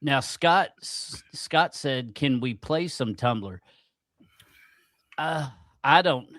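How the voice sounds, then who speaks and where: A man hosting a podcast in casual chat, rambling with many pauses and fillers, friendly and profane. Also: mid-range voice, animated, fairly bright tone, dry recording, clean studio sound. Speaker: podcast host.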